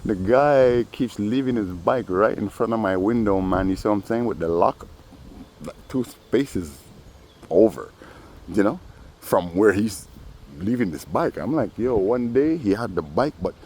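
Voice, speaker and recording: A man with a very deep, low voice talks straight through a rambling vlog monologue. He tells stories loosely, with profanity and constant asides to the viewer. A faint hum of noise sits behind him. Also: lively intonation, a little slow, darkish tone. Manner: profane, storytelling, full of asides. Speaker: vlogger.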